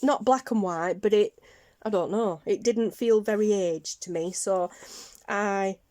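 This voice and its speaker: A woman's voice: mid-range voice, unhurried, darkish tone, no room sound. Chatty Northern English woman vlogging crafts. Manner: chatty, rambling, many ums and self-corrections. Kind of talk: casual show-and-tell vlog.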